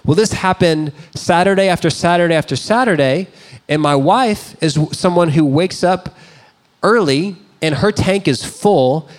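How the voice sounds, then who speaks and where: A man in his thirties, a pastor, preaching a sermon in a conversational, self-deprecating storytelling way. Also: on the high side. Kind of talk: sermon with personal stories.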